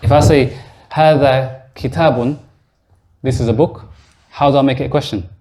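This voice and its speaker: A man teaches a beginners' class in a mosque classroom, his voice sitting at an everyday middle pitch. He explains each point step by step and keeps stopping to quiz his students. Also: fairly even intonation, moderate pace, a little mellow. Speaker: Arabic teacher. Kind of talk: classroom lesson.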